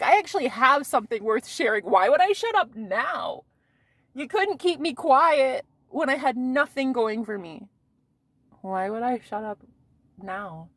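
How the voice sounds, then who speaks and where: A woman in her thirties, a vlogger talking casually outdoors on a street in a brash, loud-mouthed way, swearing and laughing often. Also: a little high, no room sound. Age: 30s.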